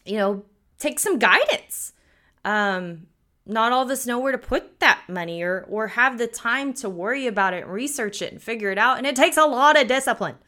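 A woman's voice: a little high, lively intonation, moderate pace, pushed and bright. A woman in her thirties from the United States hosting a podcast, telling stories in a chatty, folksy way with frequent chuckles. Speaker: podcast host. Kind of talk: casual podcast talk, storytelling.

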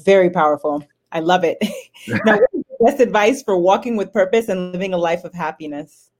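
A woman hosting a podcast interview, warmly affirming her guest with short responses. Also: on the low side, sing-song, brisk. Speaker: podcast host.

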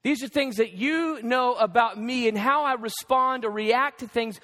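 A male pastor preaching a sermon, animated and conversational, acting out bits of dialogue. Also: moderate pace. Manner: animated, acts out dialogue with shifting pitch. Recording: long hall reverb.

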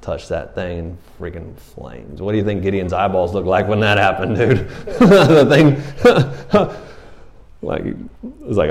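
Middle-aged guy preaching, super casual and animated, slangy, kinda low voice. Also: slow, gravelly. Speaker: pastor. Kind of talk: sermon.

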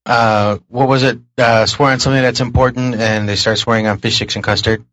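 A man on a podcast panel, easygoing and a bit hesitant, filling pauses with "um". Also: medium pitch, steady tone, fairly bright tone, no room sound, low-quality recording. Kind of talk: casual panel chat.

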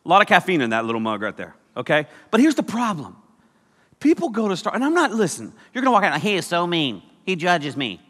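Lively young preacher joking in a hall. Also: male voice, high-pitched, fast talker. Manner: joking, animated, teasing the crowd. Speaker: youth pastor. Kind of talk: comedic sermon. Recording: long hall reverb.

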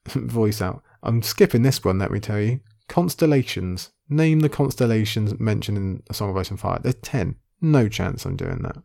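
Male quiz vlogger, low and gravelly, casual muttered think-aloud commentary. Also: mellow. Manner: muttering guesses half to himself, then committing. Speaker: video creator playing an online quiz.

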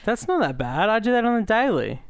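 A man's voice: high voice, fairly quick. A young man co-hosting a podcast, teasing his sister in casual chat. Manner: teasing, lively questioning. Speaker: podcast co-host.

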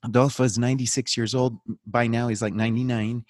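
A documentary filmmaker appears as a podcast guest, telling stories in a casual interview with a mid-range voice at a quick pace. He jokes, laughs, and animatedly acts out quotes. The recording is clean studio sound with no room tone.

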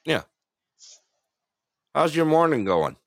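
A man's voice: a little high, very animated, slow pace, no echo, studio quality. A man hosting a casual talk show, upbeat, greeting callers and laughing often. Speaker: host. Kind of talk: casual talk radio chat.

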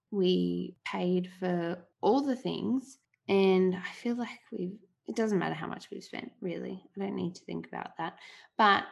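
A woman in her thirties hosting a solo podcast, talking candidly and from the heart in a relaxed, conversational way. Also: on the low side, gravelly. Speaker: podcast host.

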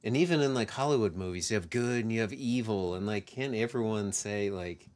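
A co-host in a casual discussion, hesitant and thinking aloud. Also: female voice, extremely low pitch, fairly quick, darkish tone.

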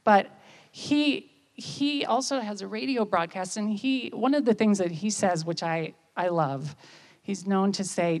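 A woman's voice: mid-range voice, a little slow, a little mellow. Woman in her fifties preaching. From United States. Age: 50s. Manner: conversational, often asks listeners "right?". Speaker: speaker at church. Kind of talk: conversational sermon.

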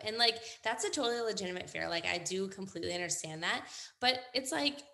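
A woman's voice: medium pitch, fast talker, vocal fry, pushed and bright. A young adult woman, a hair educator, chatting casually as a podcast guest, agreeable and upbeat. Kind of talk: casual interview chat.

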